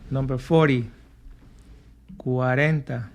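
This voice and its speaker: Slow, patient male language teacher. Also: mid-range voice, fairly even intonation. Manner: patient, repeats and drills words. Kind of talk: slow spoken lesson for learners.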